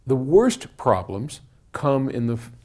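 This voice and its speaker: A man explains things casually in an indoor room, speaking at an ordinary middle pitch. His talk is conversational and loose, full of restarts and repeated words. A single room microphone picks him up. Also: big pitch swings, slow pace, darkish tone. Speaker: audio company head answering viewer questions. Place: indoor room, moving toward and away from a wall.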